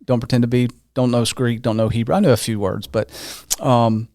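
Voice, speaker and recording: This man hosts a conversational podcast, posing long, casual questions riddled with fillers and restarts. He speaks briskly in a warm, mid-range voice with fairly even intonation, in clean studio sound with no room sound.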